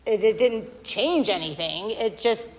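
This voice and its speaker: Speaking at an AA meeting, a woman with a fairly high, animated voice rambles unhurriedly through a candid, self-deprecating share full of fillers. She's at a podium mic, and long hall reverb fills the recording.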